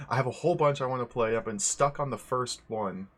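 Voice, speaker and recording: Young male streamer with a slightly husky voice; loose, meandering chat that often corrects itself. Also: mid-range voice, fairly quick. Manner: rambling, self-correcting, greets viewers one by one. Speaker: livestream host. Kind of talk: casual livestream chat.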